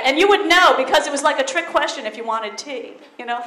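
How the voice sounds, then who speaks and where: A woman comedian doing an animated, mocking stand-up routine. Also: high voice, fast talker. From New York City. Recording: echoey club, audience noise.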